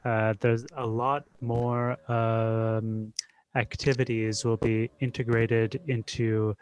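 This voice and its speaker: A man with a mid-pitched voice hosts a casual podcast, thinking aloud. He hesitates often and keeps filling pauses with "like". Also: level tone, clean tone, lo-fi sound. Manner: hesitant, heavy use of "like". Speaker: podcast host. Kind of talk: casual discussion. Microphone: remote call.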